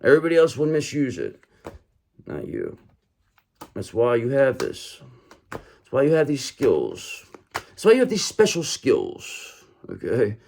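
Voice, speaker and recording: A man's voice: medium pitch, wildly swooping pitch, measured pace, creaky, long pauses, a little mellow, a little hiss or hum. A man giving a tarot reading straight to his viewers, talking emphatically, repeating himself for effect and checking in with "okay?" and "brother". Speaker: tarot reader.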